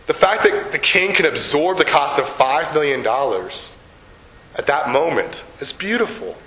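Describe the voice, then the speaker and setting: An older man preaching a sermon. He tells a story, slows down on key words and puts questions to the congregation. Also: a little high, animated, sharp tone, echoey room, low-quality recording. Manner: storytelling, slows down for emphasis, asks the audience questions. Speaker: pastor.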